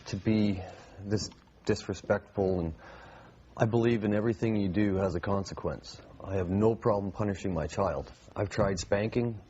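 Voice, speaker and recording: A man's voice: lowish voice, darkish tone, highs cut off, slight background noise. A man appearing as a parent guest on a talk show, speaking earnestly and with exasperation about his son. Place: TV studio stage.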